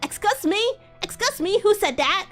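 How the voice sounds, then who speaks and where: A woman doing a shouting angry janitor. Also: extremely high pitch, expressive, moderate pace, faint music behind, voice pushed up. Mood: indignant. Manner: loud, indignant shouting. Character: angry grown man, a shouting school janitor.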